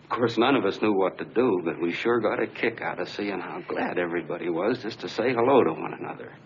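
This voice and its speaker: An actor playing an earnest middle-aged soda-fountain clerk who rambles through a homespun story in a low, deep voice. It is heard on a dull 1940s film soundtrack with a faint hiss underneath. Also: male voice, quick pace, lightly acted.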